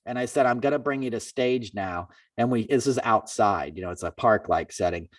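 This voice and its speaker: Animated man telling a story. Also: on the low side, a little fast, no room sound, distant mic. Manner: animated, acts out quoted people in a raised voice. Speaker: podcast host. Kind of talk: casual storytelling chat.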